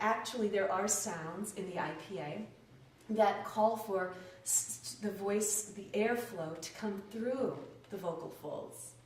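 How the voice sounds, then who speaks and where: A woman, an acting professor and dialect coach, giving an animated lecture and demonstrating sounds aloud. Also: lowish voice, distant mic, slight background noise. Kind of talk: lecture talk. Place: lecture room, indoors. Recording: echoey room, picked up from afar.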